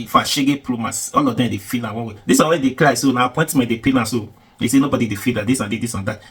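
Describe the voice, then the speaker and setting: A man with a Nigerian accent giving excited, mocking news commentary that mixes in Pidgin. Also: medium pitch, breathy edge. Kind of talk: animated commentary in Pidgin-mixed English.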